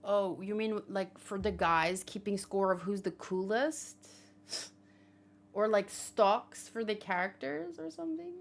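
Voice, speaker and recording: A woman hosting a manga read-along, giving chatty and excitable commentary and swearing casually. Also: medium pitch, a little slow, creaky.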